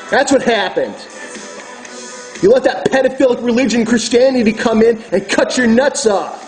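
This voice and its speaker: A man's voice: extremely high pitch, moderate pace, darkish tone, faint music behind, poor audio. A man delivering a furious, profane ranting monologue as host of his own video channel, preaching to his viewers.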